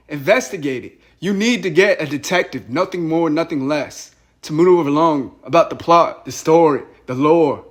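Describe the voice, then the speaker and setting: Young guy going off on a call, kinda high voice, rambling and worked up. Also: moderate pace. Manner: agitated, rambling, repeats himself. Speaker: caller. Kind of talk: heated phone call.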